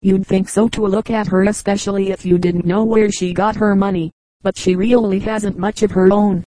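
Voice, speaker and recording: A woman's voice: mid-range voice, fairly even intonation, moderate pace, warm tone, no room sound, close to an everyday voice, poor audio. Woman reading as a prim gossipy young woman. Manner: disapproving, prim. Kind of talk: audiobook character reading.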